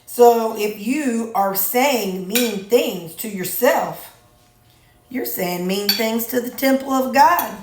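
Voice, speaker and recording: A woman's voice: on the high side, slow, darkish tone, slight background noise. A middle-aged woman chatting casually to camera in her home kitchen, folksy and teasing. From Missouri. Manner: chatty, folksy, teasing, sings snatches to herself. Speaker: vlogger. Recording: roomy echoey kitchen.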